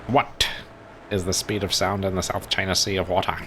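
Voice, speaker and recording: A man's voice: deep voice, level tone, normal speed, fairly bright tone, a little hiss or hum. A man streaming a naval game, musing aloud in casual commentary. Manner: laid-back, musing aloud.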